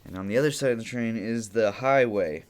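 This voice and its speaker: A man with a fairly low voice tells a loose, rambling story on his podcast. He swears freely and circles back over his own words as he talks from home. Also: fairly quick. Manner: profane, rambling, repeats himself. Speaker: podcast host. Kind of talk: casual storytelling monologue.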